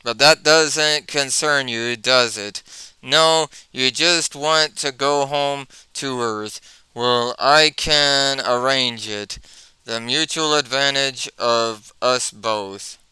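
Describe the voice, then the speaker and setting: A man's voice: mid-range voice, slow pace, sharp tone, smooth, no room sound, low-quality recording. A man reading the lines of a smug, wordy male scientist from a comic.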